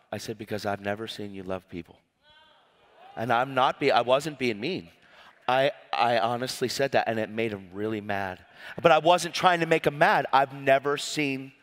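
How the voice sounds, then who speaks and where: Animated man preaching in a reverberant hall. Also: mid-range voice. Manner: animated, acts out dialogue, laughs often. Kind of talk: storytelling sermon.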